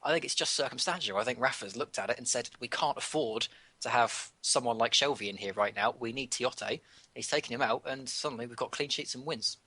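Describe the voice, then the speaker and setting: English male podcast co-host, opinionated football analysis, husky and bright, dry sound. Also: mid-range voice, brisk, no room sound. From England. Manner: opinionated, analytical, repeats words when thinking. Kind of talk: casual football chat.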